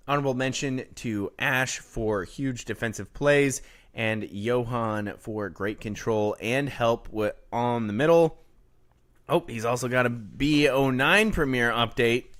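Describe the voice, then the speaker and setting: A man's voice: medium pitch, a bit bright. A man co-hosting a casual local sports podcast, reading score updates from a live chat in a laid-back way. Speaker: podcast co-host.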